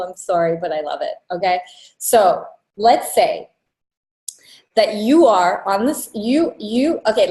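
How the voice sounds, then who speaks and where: A woman giving a casual, blunt coaching talk to students, swearing freely and dropping quick asides. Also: mid-range voice, darkish tone, echoey room, rough recording. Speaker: online business coach.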